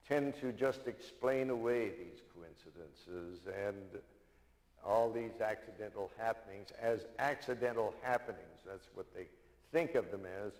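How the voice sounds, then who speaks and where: A man's voice: lowish voice, darkish tone, in a large hall, rough recording. A man giving an earnest, uplifting sermon as minister. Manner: tells a joke with put-on Irish voices. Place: church sanctuary.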